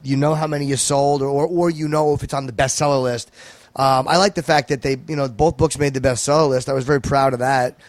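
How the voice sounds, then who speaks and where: A man guesting on a podcast as a stand-up comedian, talking in a dry, measured, profane way. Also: medium pitch, fairly even intonation, no echo. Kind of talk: casual podcast chat. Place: home podcast room.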